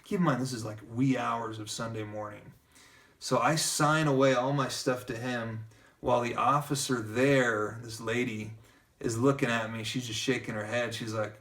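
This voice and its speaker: A man's voice: mid-range voice, normal speed. Man spinning a story, slightly distant mic. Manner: lively narrator who keeps acting out quoted dialogue. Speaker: guest telling a personal story. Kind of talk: casual storytelling.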